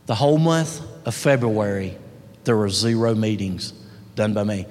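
A man telling his business story as a motivational testimonial, earnest and swinging between loud and hushed. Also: on the low side, lively intonation, normal speed. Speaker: marketing director giving a testimonial. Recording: long hall reverb.

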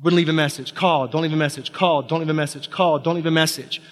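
A man telling a personal story from a stage, halting and restarting, building tension through repetition. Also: fairly high pitch, steady tone. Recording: long reverb of a hall.

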